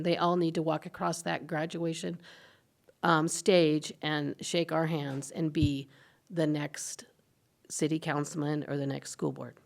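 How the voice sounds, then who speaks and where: Low-pitched woman rambling at a forum. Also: a little mellow. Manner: rambling, halting phrasing. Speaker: school board candidate. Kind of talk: candidate forum answer. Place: council chambers.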